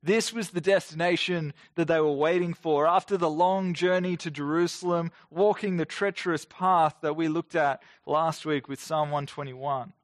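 A pastor in his thirties, his voice on the high side, delivers an earnest, conversational livestreamed sermon full of questions for the listener. He keeps a steady tone at normal speed with few pauses, recorded at studio quality without echo in a near-empty room during lockdown.

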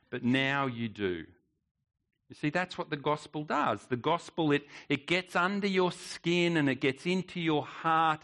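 A man's voice: high-pitched, a bit bright. A male pastor preaching a sermon, emphatic, with rhetorical questions and repeated words.

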